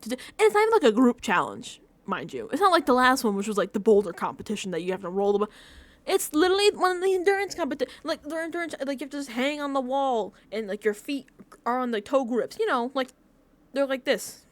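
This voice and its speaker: A young woman recapping a reality show in a casual, animated rant, using a lot of filler and often laughing at her own exasperation. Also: sits high, quick pace. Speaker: vlogger reacting to a reality show.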